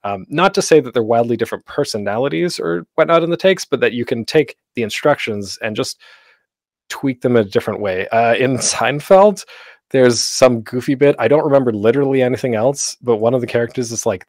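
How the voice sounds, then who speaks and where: A man's voice: mid-range voice, brisk, no room sound, studio quality. A man hosting a convention panel, giving tips in a casual, live-streamed workshop talk full of fillers. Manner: chatty, with many fillers.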